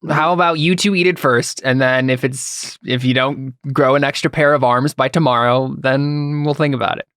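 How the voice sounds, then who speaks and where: A man's voice: medium pitch, fairly even intonation, moderate pace, fairly bright tone, smooth. A man playing a tabletop game, asking dry, skeptical questions and adding know-it-all asides. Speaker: player. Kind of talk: casual tabletop play.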